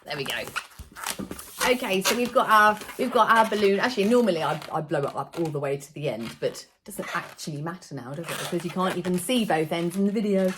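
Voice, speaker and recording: A woman, a children's party entertainer explaining a party game in a playful, animated way. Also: on the low side, a little fast, a little hiss or hum. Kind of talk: how-to video explanation.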